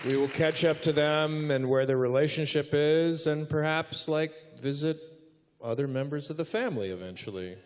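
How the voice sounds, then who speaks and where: A man's voice: on the high side, normal speed, in a large hall, a faint crowd. A man talking at a festival panel, joking and explaining plans for the story. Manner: jokey, puts on silly voices for a dog. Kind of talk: panel discussion.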